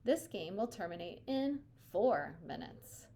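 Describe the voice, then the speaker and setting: A woman's voice: mid-range voice, big pitch swings, unhurried, gravelly, warm tone, slight background noise. A woman reading aloud, voicing a wry, skeptical girl in a children's novel. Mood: dry.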